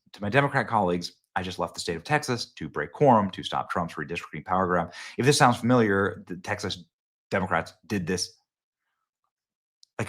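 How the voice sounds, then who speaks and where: A man's voice: low-pitched, fairly bright tone. A male host giving sarcastic, mocking political commentary in a casual style.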